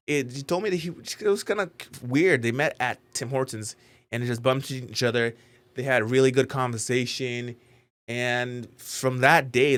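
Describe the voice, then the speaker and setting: A man talking casually as a YouTuber in a reaction vlog, rambling and animated, with many "like"s. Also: mid-range voice. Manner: rambling, animated, heavy use of "like".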